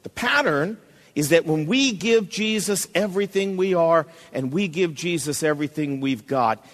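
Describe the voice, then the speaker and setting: High-voiced animated preacher man. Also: in a large hall. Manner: preachy, emphatic, calls out to congregation; reads poem aloud dramatically. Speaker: pastor. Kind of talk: sermon.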